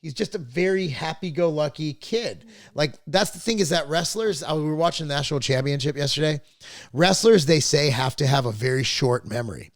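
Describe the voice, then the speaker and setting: A man's voice: a little high, expressive, a little fast, no echo. A middle-aged man hosting a podcast, telling family stories in a rambling, profane, casual way. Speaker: podcast host. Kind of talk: casual chat.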